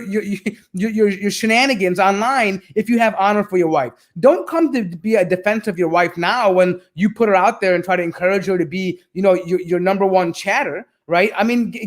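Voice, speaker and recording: A man's voice: high-pitched, normal speed. Fired-up male reaction host. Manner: exasperated, animated rant. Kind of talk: reaction commentary.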